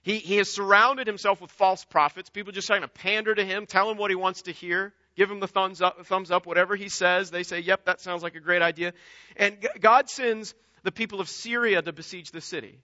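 Brief: male pastor, sermon delivery, high bright voice, earnest and emphatic, dry dull lo-fi sound. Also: steady tone, brisk, no room sound. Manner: earnest, emphatic, repeats words and restarts often.

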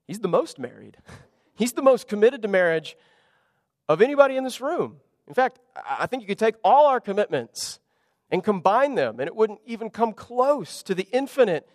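A man preaching a sermon as pastor, emphatic and playful, swinging from loud exclamations to hushed asides. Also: sits high, no echo, studio quality, long reverb tail. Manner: animated, emphatic preaching with humor and sudden drops to quiet.

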